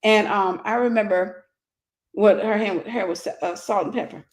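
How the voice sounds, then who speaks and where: A woman's voice: medium pitch, moderate pace. A woman minister in her forties telling a personal story in a casual livestream sermon, greeting viewers by name.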